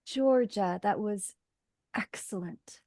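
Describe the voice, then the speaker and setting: Acting coach, woman, direct and instructive, mid-pitched, dry close sound. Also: slow, darkish tone, no echo. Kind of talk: class feedback.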